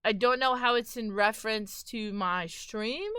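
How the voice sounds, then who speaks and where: Woman streamer, unhurried delivery, bright clear tone, teasing and mock-dramatic with chat. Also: on the high side, no room sound, clean studio sound. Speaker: livestream host. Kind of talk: casual chat with viewers.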